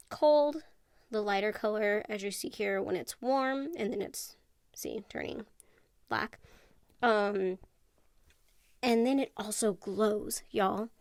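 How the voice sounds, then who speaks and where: A woman's voice: on the high side, dry recording, clean studio sound. A woman narrating a casual how-to vlog in a chatty, rambling way, full of asides. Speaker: nail tutorial vlogger.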